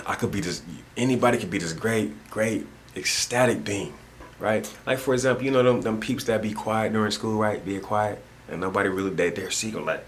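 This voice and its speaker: A man's voice: lowish voice, fairly quick, slight background noise. A man talking in a rambling monologue at home, repeating himself and using heavy street slang. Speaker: vlogger. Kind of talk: casual spoken monologue. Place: at home indoors.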